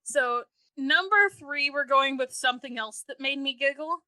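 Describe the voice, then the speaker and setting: A woman co-hosting a podcast, telling stories in an animated, casual way. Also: high voice, normal speed, no echo. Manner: animated storyteller. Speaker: podcast co-host.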